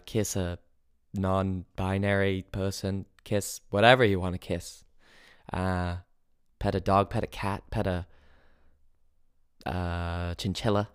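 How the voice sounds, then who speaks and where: A man's voice: deep voice, clean tone, no echo, clean studio sound. A man in his twenties hosting a solo podcast, rambling playfully and mocking himself. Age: 20s. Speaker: podcast host.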